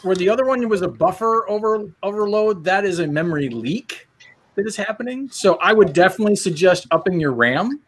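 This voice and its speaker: A man's voice: sits high, expressive, fairly quick, a bit bright, slightly rough. A man dropping joking asides in a casual group stream chat.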